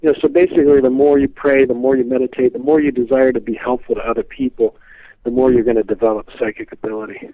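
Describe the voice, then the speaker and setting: A man's voice: mid-range voice, fairly even intonation, quick pace. Man talking over a tinny phone line. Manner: rambling, many "you know" fillers. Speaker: guest speaker on a psychic's teachings. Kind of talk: casual storytelling interview.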